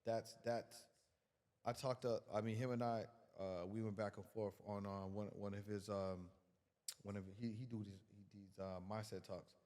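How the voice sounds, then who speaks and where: A man's voice: on the low side, little pitch movement, moderate pace, a little mellow, in a large hall. A man guest on a podcast giving a casual motivational talk, emphatic and colloquial, repeating words as he builds his point.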